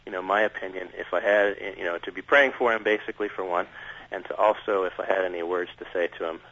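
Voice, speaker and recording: A man with a very deep voice speaks earnestly and at length as a radio guest. His delivery is measured and candid, and the sound is dull and dry. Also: fairly even intonation, fairly bright tone, no echo. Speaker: interview guest.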